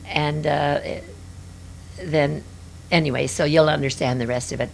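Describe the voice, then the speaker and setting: A woman's voice: low voice, fairly even intonation, a little slow, creaky, a little mellow, slight background noise. An older woman reminiscing in an interview, rambling and hesitant with many fillers.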